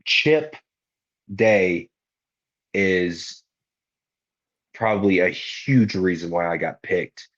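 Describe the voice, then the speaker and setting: A young wrestler, guest on a podcast, tells stories in a casual, slangy way, animatedly acting out what people said. His low-pitched voice is very slow with frequent pauses, and the audio sounds dull.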